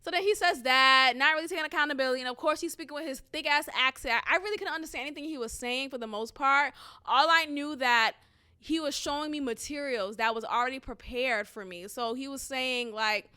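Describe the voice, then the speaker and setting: A woman telling a story to camera in a casual rant, blunt and animated, swearing freely and laughing between lines. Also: high-pitched, fairly quick, clear, resonant tone.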